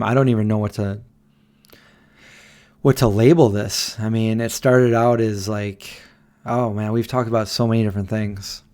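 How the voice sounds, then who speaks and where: A man's voice: lowish voice, dark tone. A tired man hosting a late-night livestream, rambling and answering viewers as he reads their messages aloud. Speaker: livestream host. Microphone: desk microphone.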